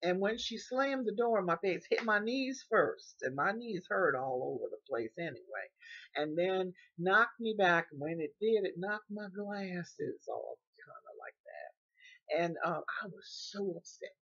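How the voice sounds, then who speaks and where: Husky older woman telling her story. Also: on the low side, lively intonation, unhurried, fairly bright tone, highs cut off. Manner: repeats words and restarts, acts out quoted speech. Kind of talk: personal storytelling.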